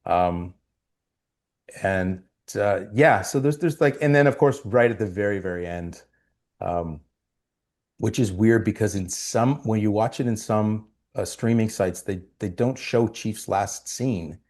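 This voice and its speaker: Lower-voiced actor guest, lively anecdote teller, slips into quoted voices. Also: male voice, unhurried. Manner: animated storyteller, acts out quotes. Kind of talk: storytelling interview.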